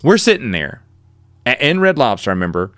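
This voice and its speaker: A man's voice: mid-range voice, a little fast, smooth, no room sound. Middle aged guy rambling thru old college stories, dry close mic, keeps restarting sentences. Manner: rambling, animated, with self-corrections. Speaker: podcast host. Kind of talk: casual storytelling monologue.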